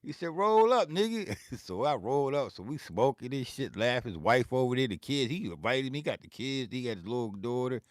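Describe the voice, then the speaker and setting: A man's voice: medium pitch, a little fast, hardly any pauses, no echo. A man telling a long, rambling, profane story in his home music studio, repeating himself as he goes. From Philadelphia. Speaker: beatmaker and vlog host. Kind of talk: casual storytelling to camera.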